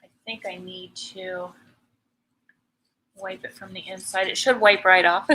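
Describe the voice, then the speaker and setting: A middle-aged woman leads a live painting lesson in a bright, forceful voice. She chats easily and teases her viewers, laughing often between steps. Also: mid-range voice, steady tone, unhurried, a little hiss or hum, low-quality recording. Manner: chatty, teasing, laughs often. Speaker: painting teacher. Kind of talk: live painting tutorial chat.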